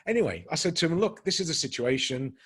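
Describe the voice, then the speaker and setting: A middle-aged man telling a personal story to a workshop group, acting out the dialogue with lively energy. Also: a little high, quick pace, slightly rough. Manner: animated anecdotal storytelling, acting out quoted dialogue with rising energy. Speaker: workshop speaker.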